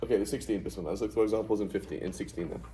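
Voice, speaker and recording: A man's voice: on the low side, rapid-fire, dark tone, slight background noise, low-quality recording. A middle-aged man teaching a Quranic Arabic class in a conversational way, often checking with "right?". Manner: explains with frequent "right?" checks.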